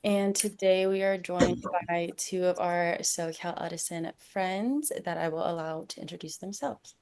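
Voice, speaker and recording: A woman's voice: on the low side, measured pace, a little mellow, smooth. A woman hosting a panel event, giving friendly scripted introductions. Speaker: program manager, event host.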